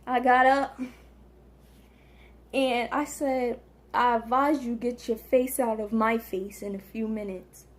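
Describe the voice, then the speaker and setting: A young woman casually telling a story to the camera, slangy and animated, acting out what people said. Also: on the high side, slow, long pauses. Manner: animated, slangy, acts out quotes. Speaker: vlogger.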